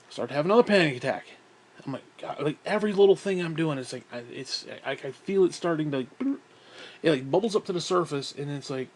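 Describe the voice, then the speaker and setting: A slightly winded man rambles through a casual, swear-filled story, talking himself through it in asides. His voice sits a bit high for a man. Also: animated, fast, a little hiss or hum. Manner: profane, rambling, self-talk asides. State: out of breath.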